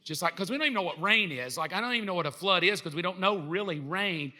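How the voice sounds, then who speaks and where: A man preaching a humorous sermon, animated and joking as he acts out the people in his stories. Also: high voice, fast, few pauses. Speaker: pastor.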